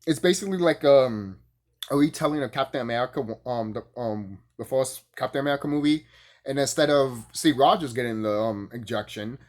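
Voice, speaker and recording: A man giving a casual, profane, rambling review, full of fillers and bursts of laughter. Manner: animated, jumps high when excited. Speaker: YouTube reviewer.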